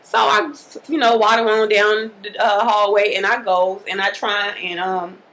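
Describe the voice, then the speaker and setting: A woman casually telling a personal story to the camera in a lively, colloquial way, acting out the scenes as she goes. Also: mid-range voice, moderate pace, rough recording. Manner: animated, colloquial, acts out the scenes. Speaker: mother telling a birth story.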